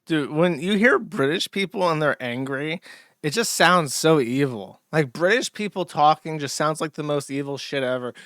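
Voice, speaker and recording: A man streamer gives loose, sarcastic reaction commentary. His voice sits a little high. The sound is close and dry. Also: lively intonation, normal speed, a bit bright, no room sound. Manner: sarcastic, mocking, laughs often.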